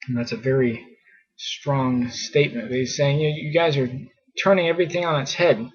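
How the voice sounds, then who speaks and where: A man's voice: medium pitch, steady tone, normal speed, slightly rough. A man teaching scripture in a casual, conversational way, full of fillers and mock exasperation. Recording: muffled lo-fi recording.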